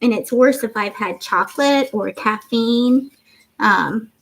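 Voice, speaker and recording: Tired giggly woman hosting a craft live, kinda high voice, little canadian-southern accent mix, just chatting away. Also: takes it slowly, vocal fry, a bit bright. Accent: mixed Canadian and Southern traces. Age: 50s. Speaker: livestream crafting host. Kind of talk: casual chat reading viewer comments.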